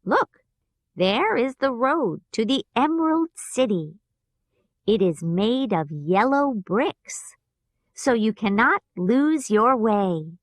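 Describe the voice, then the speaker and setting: A woman with an American accent voicing a kind, reassuring good witch in a storybook, speaking slowly and gently. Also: on the high side, animated, no room sound. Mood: gentle.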